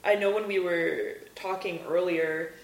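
A woman's voice: fairly low pitch, steady tone, unhurried. A woman podcast host asking friendly, casual questions, full of filler words. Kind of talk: casual interview chat. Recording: roomy echo.

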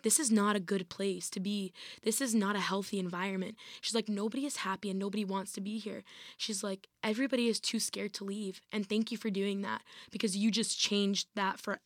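In clean studio sound with no room sound, a young woman who was a college athlete tells her story in an interview, casual and full of "like" and restarts. She speaks fairly quickly in a mid-range voice with a steady tone.

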